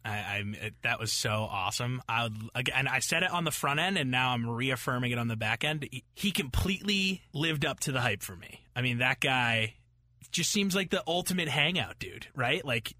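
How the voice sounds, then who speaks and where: A man's voice: mid-range voice, animated, moderate pace, pushed and bright, no echo, clean studio sound. A man who is the podcast's producer and co-host, bantering with enthusiasm and hype.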